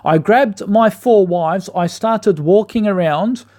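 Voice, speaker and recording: A man's voice: high-pitched, takes it slowly, a little mellow. A man giving an argumentative opinion monologue, full of rhetorical questions. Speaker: commentator.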